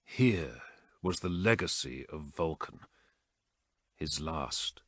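A man reading a war story aloud as narrator, in measured, dramatic storytelling. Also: very deep voice, lively intonation, fairly bright tone, slightly rough, dry recording, studio quality. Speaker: audiobook narrator. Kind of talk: scripted narration.

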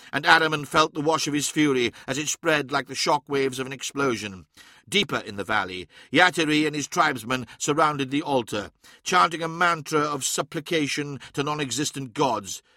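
A man reading an audiobook in a measured, dramatic way. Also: medium pitch, bright, forceful tone, no room sound, studio quality. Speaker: narrator. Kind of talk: scripted audiobook narration.

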